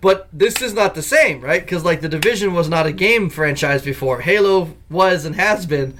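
A man hosting a casual gaming podcast, telling stories in a lively way and laughing often. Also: on the high side, normal speed. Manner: animated storyteller who laughs often. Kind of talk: casual chat.

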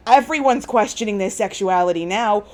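A woman's voice: mid-range voice, brisk, a little mellow. A woman co-hosting a podcast, retelling in a gushing, rambling way with lots of fillers. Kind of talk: casual chat.

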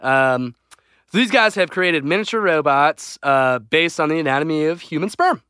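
A man's voice: on the high side, lively intonation, moderate pace, pushed and bright, clear, resonant tone, no room sound, studio quality. A man co-hosting a podcast, reading out a science item in a loose, jokey way. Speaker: podcast co-host. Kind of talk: casual podcast chat.

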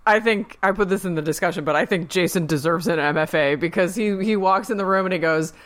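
A woman co-hosting a podcast, chiming in with enthusiastic comments about a TV episode. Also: lowish voice. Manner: enthusiastic, quick agreeing comments. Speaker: podcast co-host. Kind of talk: casual chat about a TV episode.

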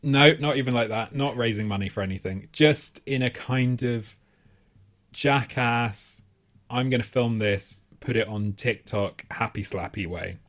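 A man's voice: mid-range voice, unhurried, a bit bright. A man, a podcast co-host telling a rambling, self-mocking story full of swearing and laughter. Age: 30s. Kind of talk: casual comedic storytelling.

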